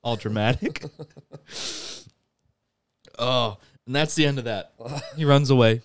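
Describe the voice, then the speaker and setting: A man on a podcast slowly retells a movie plot in casual chat, breaking into laughter and acting out the characters' lines. His voice is smooth and clear, recorded dry and close. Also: medium pitch, dry recording. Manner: laughs often while recounting, acts out quoted lines. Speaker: podcast host.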